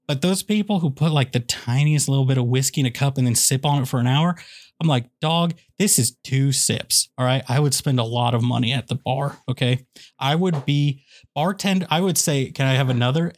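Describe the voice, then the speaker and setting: Guy ranting bout a movie on a podcast, gets squeaky high when he's baffled, dry mic. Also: no room sound. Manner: animated, ranting, incredulous. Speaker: podcast co-host. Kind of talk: casual movie review chat.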